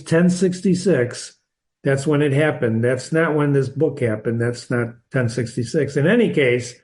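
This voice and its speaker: An older man with a fairly high voice reads a classic novel aloud and pauses to explain it like a friendly teacher. He wanders into digressions and chuckles at his own asides. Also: a little mellow. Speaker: reader and teacher. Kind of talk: reading a novel aloud with commentary.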